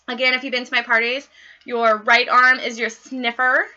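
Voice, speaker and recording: A young woman giving a casual training demo for home parties, talking fast in a bubbly, bawdy way. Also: a little high, flat delivery, sharp tone, muffled recording. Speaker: party consultant training others.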